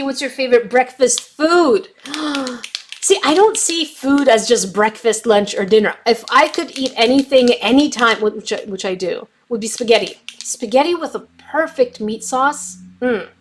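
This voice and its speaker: Reading live chat while trying markers, a young craft YouTuber chats casually on her stream, her slight cough a result of bronchitis. She has a fairly high pitch, and there's slight background noise.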